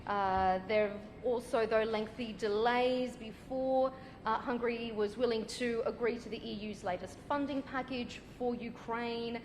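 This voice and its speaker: A woman's voice: a little high, steady tone, a little slow, big-room sound, slight background noise. A woman interviewer asking probing follow-up questions in a broadcast interview.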